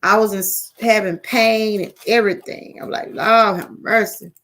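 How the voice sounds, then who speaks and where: A woman's voice: mid-range voice, steady tone, normal speed, a bit bright. A middle-aged woman with a Southern US accent, chatting on her live stream in a rambling, repetitive way and calling her viewers y'all. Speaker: livestream host. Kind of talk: casual live-stream chat.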